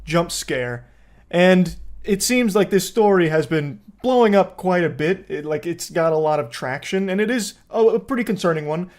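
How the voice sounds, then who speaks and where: A man's voice: high-pitched, expressive, normal speed. A man giving casual commentary on a news story, dry and wry, swearing and cracking jokes along the way. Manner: dry, wry delivery laced with profanity and jokey asides. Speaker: commentator host.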